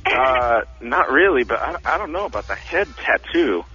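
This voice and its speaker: A man in his twenties on a radio show, hesitant and blunt, with a husky voice. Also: mid-range voice, very animated, normal speed, pushed and bright. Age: 20s. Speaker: single guest picking dates. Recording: slightly dull radio broadcast.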